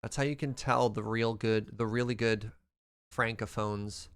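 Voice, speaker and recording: A young man from Western Canada chatting casually while streaming a game, quick to laugh and reading out chat. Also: on the low side, steady tone, clear, resonant tone. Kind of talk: casual gameplay livestream chat.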